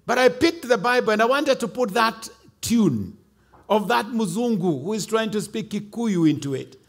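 A man's voice: sits high, animated, normal speed, gravelly. A man with a Kenyan accent preaching a sermon as a bishop, emphatic, slipping in Swahili and Kikuyu asides.

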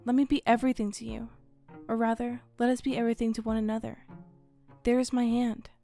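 A man's voice: very high-pitched, level tone, fairly quick, dark tone, faint music behind. A woman voicing an ardent young male student in a spoken horror story, impassioned and pleading.

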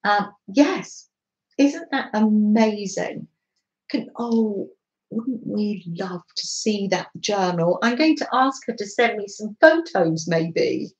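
A middle-aged woman hosting a craft live stream, chatting gently with viewers and laughing often. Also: mid-range voice, animated, takes it slowly, lo-fi sound. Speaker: craft livestream host. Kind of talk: casual live-stream chat.

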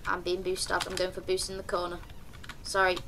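A young woman, chatting through live gameplay commentary with sudden excited yelps and calls to her teammates. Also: lowish voice, moderate pace, background noise. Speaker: streamer.

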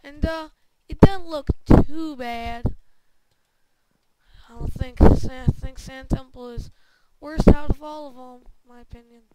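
A woman's voice: high voice, unhurried. A woman doing gameplay commentary, cursing a lot and stammering through restarts in frustration. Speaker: gamer. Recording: loud background noise with clicks.

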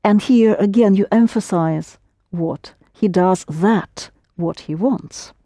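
A woman's voice: mid-range voice, slow pace, warm tone, no room sound, clean studio sound. A woman teaching a language lesson, explaining patiently step by step and prompting her students.

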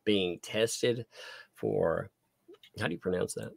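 Southern guy on a livestream, gravelly husky voice, drawls slow, reads tips and chuckles. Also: lowish voice, dry recording. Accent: American Southern. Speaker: livestream co-host. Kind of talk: casual live-stream chat.

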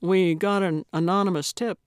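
A woman's voice: on the low side, steady tone, moderate pace, smooth, no room sound, lightly acted. A woman voicing a patient, mildly skeptical male police officer with a dry manner in an audiobook. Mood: wry.

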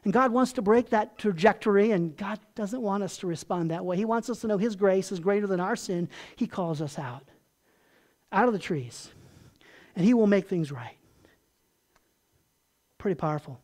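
A pastor preaching a sermon in a folksy, conversational way, asking the congregation questions and dropping soft and low on tender points. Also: moderate pace, pauses often.

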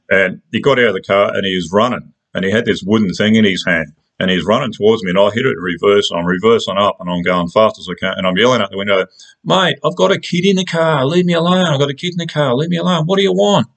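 This is a man with an Australian accent and a low, deep voice, telling a personal story. He talks in a casual, colloquial way, rambling and restarting his sentences as he goes. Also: fairly bright tone.

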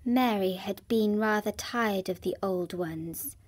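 A woman narrating a children's classic in a gentle, even storytelling manner, with a synthetic sound. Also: medium pitch, takes it slowly.

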